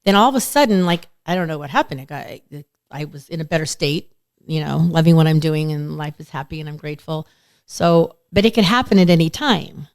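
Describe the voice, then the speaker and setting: A woman hosts a casual radio talk show, telling her stories with lively acted-out quotes. Her voice sits on the lower side and is recorded very dry and close. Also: fairly quick, no room sound. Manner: chatty, animated storytelling with acted-out quotes. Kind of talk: casual chat.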